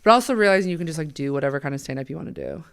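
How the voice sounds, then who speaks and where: Fast, animated woman podcast host. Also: low voice, smooth. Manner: quick, animated, chatty with laughs. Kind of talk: casual chat.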